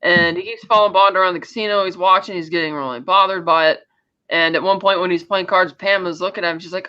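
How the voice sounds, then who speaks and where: A woman's voice: on the low side, steady tone, fast, sharp tone, smooth. A woman co-hosting a podcast, casually retelling a film's plot in a chatty way. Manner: chatty storytelling, acts out film dialogue. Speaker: podcast co-host. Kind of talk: casual film-recap chat. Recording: dull lo-fi mic.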